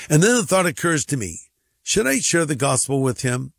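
A man's voice: on the high side, very animated, moderate pace, faint music behind. A male pastor telling a humorous story on a radio show and acting out both sides of the dialogue.

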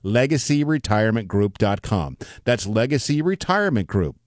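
Man, radio ad read, earnest pitch, lowish voice, animated, dry studio sound. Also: normal speed, no echo. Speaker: radio ad spokesman.

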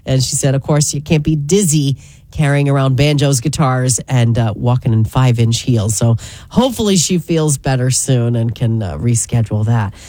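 A woman's voice: rumbling low, moderate pace, mellow, no room sound. A woman radio host chatting casually through celebrity news, with fillers. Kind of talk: casual entertainment news chat.

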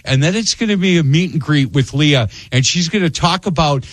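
A man's voice: fairly high pitch, brisk, no room sound. A middle-aged man hosting a radio interview show, telling stories animatedly. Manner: animated storyteller, acts out voices in anecdotes.

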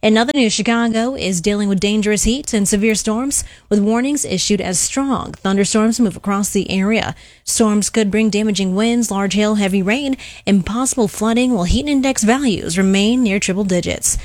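A woman reading local and national news headlines on the radio in an even, crisp delivery. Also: medium pitch, moderate pace, no room sound. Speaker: news anchor.

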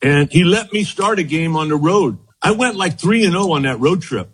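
An older man, a former pitcher, telling animated stories and laughing often as he looks back on his career. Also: normal speed, husky, poor audio. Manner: animated anecdotes, laughs often, frequent "as you know". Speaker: former baseball pitcher, guest. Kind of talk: reminiscing storytelling.

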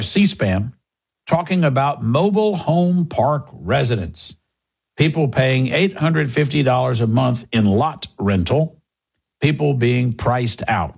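A man's voice: mid-range voice, vocal fry, husky. A man hosting a political commentary show, delivering a sarcastic, mocking opinion monologue.

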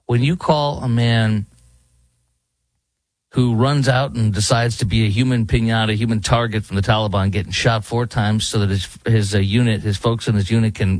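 A talk radio host in a Dallas studio delivers indignant, rambling opinion commentary in a fairly low voice with no echo.

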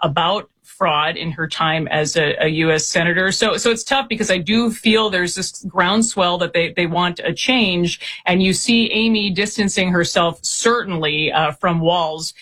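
A man in his forties speaks as a reporter guest on a political interview. His voice sits high and sounds bright and forceful. He talks quickly, stumbling through restarts and fillers. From Minnesota.

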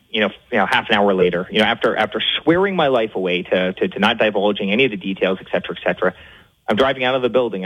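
A man talking as a guest in a fast talk-show interview, stumbling over repeated words and fillers with rising indignation. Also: on the low side, husky, lo-fi sound.

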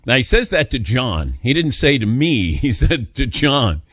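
Male sports radio host, lively storyteller, dry studio sound. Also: mid-range voice, a little slow, husky, no room sound. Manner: animated anecdote-telling, mimics voices in quotes.

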